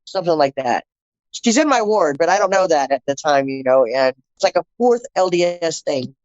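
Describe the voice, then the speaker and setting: A woman's voice: sits low, moderate pace, dry recording. Middle-aged woman telling her story, dry and muffled. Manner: animated, acts out quoted dialogue, repeats phrases for emphasis. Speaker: podcast guest. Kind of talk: personal testimony storytelling.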